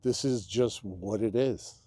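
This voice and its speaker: A man guesting on a podcast, telling a personal story in a loose, candid way, dropping to a hush when he quotes someone. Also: on the low side, slow, no room sound. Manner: loose and candid, drops into a hushed voice when quoting. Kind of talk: casual conversational storytelling.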